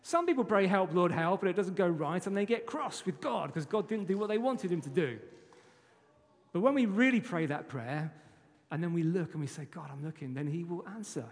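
Lively guy preaching to a church, bright high voice, long echo off the hall. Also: a little fast. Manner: lively, playful, talks straight to kids and adults. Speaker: pastor. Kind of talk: sermon.

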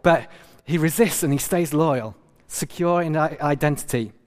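A man giving a casual sermon, speaking in a halting way with frequent restarts. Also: fairly high pitch, a little mellow, long reverb tail. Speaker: preacher.

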